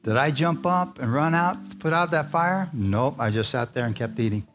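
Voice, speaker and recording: A man preaching a sermon tells a personal story conversationally and calls out to the congregation, his slightly high voice expressive and moderately paced. Music plays behind him.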